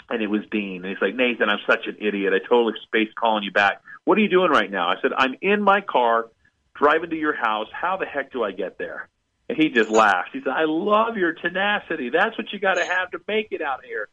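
Animated male storyteller, lo-fi sound. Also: mid-range voice. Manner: animated storyteller acting out quoted voices. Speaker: guest musician. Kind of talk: storytelling interview.

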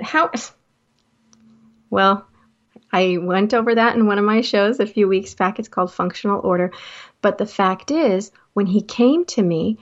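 A middle-aged woman, a life coach, telling stories from her work in a casual talk, acting out the dialogue with excited jumps in pitch. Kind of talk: personal storytelling talk. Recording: slightly dull lo-fi audio.

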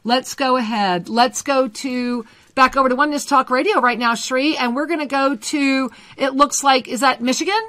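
A woman co-hosting a live spiritual call-in radio show, effusive and emotional, often dropping to a hushed, breathy voice. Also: high voice, moderate pace, few pauses. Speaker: co-host and intuitive reader.

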